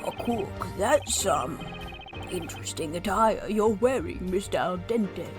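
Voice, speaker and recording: A stiff, formal prosecutor, as a woman reads him who lays out his case in a measured tone. Game music hums under the lines. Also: lowish voice, lively intonation. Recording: game music playing behind.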